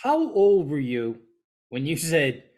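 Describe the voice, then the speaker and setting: Teasing man with a lively voice. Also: a little high. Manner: teasing, quick jokes. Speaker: podcast co-host. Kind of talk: casual chat.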